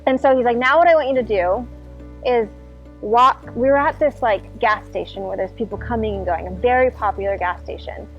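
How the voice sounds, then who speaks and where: A woman's voice: a little high, a little fast. A woman casually telling a personal story, acting out her own past reactions with lots of "like" fillers. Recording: dull lo-fi sound, faint music behind.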